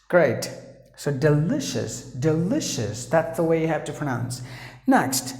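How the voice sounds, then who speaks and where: An Indian English-accented man teaches pronunciation at an unhurried pace, sounding out letters and repeating each word with earnest care. His voice sits at a middling pitch. He is recorded in a room with a noticeable echo. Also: sing-song, gravelly, darkish tone. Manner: earnest, spells out sounds, repeats words slowly. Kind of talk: pronunciation lesson. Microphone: camera operated by his wife.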